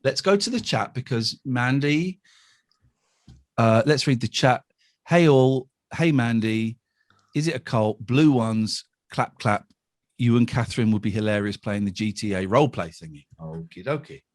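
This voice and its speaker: A man's voice: medium pitch, moderate pace. A man hosting a podcast, chatting casually and telling stories with a laugh. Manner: chatty, laughing, animated storytelling. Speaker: podcast host. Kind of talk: casual production meeting chat.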